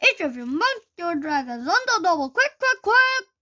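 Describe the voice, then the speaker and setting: A woman reading aloud and voicing a loud, bossy man teacher who scoffs and roars at his pupils. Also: high-pitched, lively intonation, slow, full character voice. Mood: roaring. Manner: roaring, scornful.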